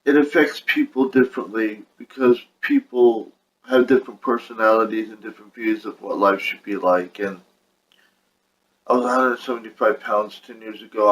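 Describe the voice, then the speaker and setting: A man's voice: on the low side, steady tone, normal speed, a bit bright, rough recording. A young man venting about his health in a frustrated, rambling way, talking casually to camera at home. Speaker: vlogger. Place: at home with his dog on his lap.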